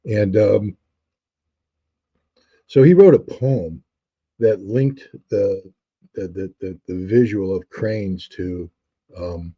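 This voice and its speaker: A man's voice: fairly low pitch, takes it slowly, pauses often, warm tone, husky, highs cut off. A man, a guest on an interview show, telling stories reflectively with frequent restarts and fillers. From United States. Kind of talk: conversational storytelling.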